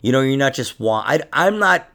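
A man's voice: medium pitch, animated, moderate pace, pushed and bright. A man co-hosting a comedy podcast in casual chat, laughing often and breaking into silly mock voices.

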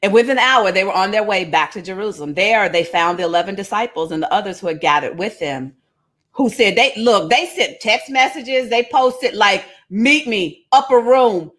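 A woman's voice: medium pitch, fairly quick, fairly bright tone. A woman retelling a Bible story comically, with playful slangy asides and frequent laughs.

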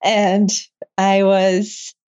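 A young woman talks with a guest's openness, her telling emotional and full of quick laughter. The sound is a little dull and lo-fi, like a modest home setup. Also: mid-range voice, clean tone. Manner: laughs often, emotional and animated. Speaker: interview guest, medical student. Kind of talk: casual interview storytelling.

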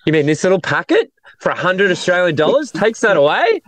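A man co-hosting a casual chat, teasing and chiming in with quick interjections. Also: high voice, very animated, fairly bright tone, no echo.

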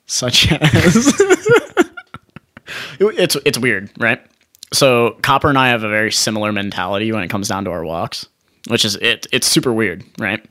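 A man's voice: fairly low pitch, moderate pace, pushed and bright. A man co-hosting a podcast in casual chat, rambling with restarts, laughing often and swearing. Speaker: podcast co-host.

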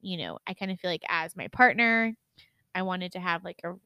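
A young woman with a lowish, smooth voice co-hosts a podcast at a moderate pace. Her casual storytelling is animated, studded with swearing and lots of laughter, and the recording has no echo.

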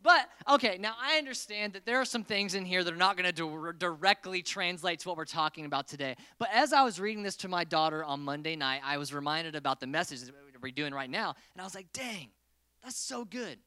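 A man's voice: on the high side, quick pace, few pauses, pushed and bright, clean tone, no room sound, studio quality. A man in his thirties preaching a casual, joking sermon to a congregation. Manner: playful, joking with the crowd.

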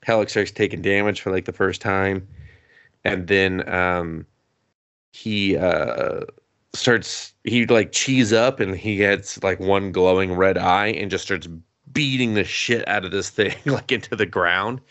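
A man's voice: deep voice, a little slow, fairly bright tone, no room sound. A man co-hosting a podcast, casually recapping an anime episode, acting out the characters' lines, laughing and swearing as he goes. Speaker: podcast co-host.

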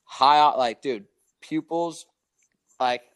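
A young man telling a story in casual chat, animated and profane, full of "dude" and "like". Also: fairly high pitch, slow pace, clean tone.

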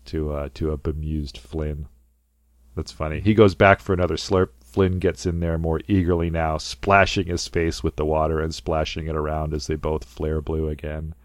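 A man's voice: extremely low pitch, little pitch movement, normal speed, no room sound, studio quality. A man co-hosting a casual podcast, talking through a film scene and acting out quotes in goofy voices. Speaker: podcast co-host.

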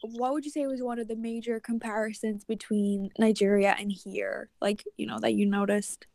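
A young woman in a casual podcast chat, thoughtful, with soft laughs and many fillers. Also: a little high, little pitch movement, moderate pace, creaky, no echo.

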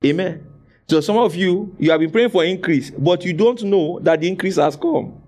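A man's voice: high voice, normal speed, darkish tone. A man preaching a sermon, exhorting his congregation with call-and-response and repeating phrases for emphasis. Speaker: pastor.

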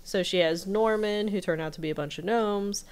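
A woman's voice: medium pitch, normal speed, darkish tone, clear, resonant tone. A woman co-hosting a podcast, animatedly retelling a cartoon episode and laughing often in casual chat. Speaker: podcast co-host.

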